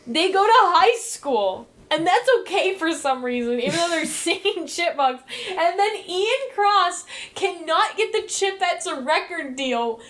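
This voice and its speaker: A woman co-hosting a podcast with a high, bright-toned voice. She riffs in casual movie-review chat. Her delivery is animated and incredulous, and "like" fillers run through her talk. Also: measured pace, few pauses. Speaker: podcast co-host.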